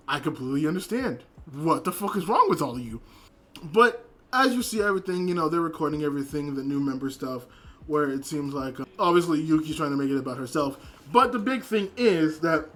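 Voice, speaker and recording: A man's voice: sits high, fairly bright tone. A man giving a casual, rambling anime episode review, swearing and laughing as he retells scenes.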